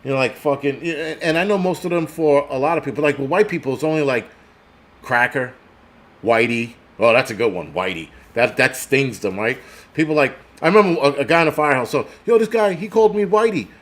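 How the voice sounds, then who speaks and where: A man's voice: medium pitch, brisk, a bit bright. A middle-aged man hosting a channel in a casual, rambling, profane livestream rant, laughing often and answering chat comments. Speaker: prepper channel host.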